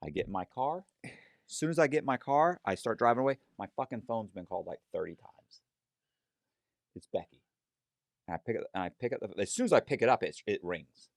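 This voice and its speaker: Low-voiced man telling a lively, profane story. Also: brisk, dry recording, studio quality. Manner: animated, profane storytelling that acts out other people's lines. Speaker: guest telling his story. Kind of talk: casual storytelling interview.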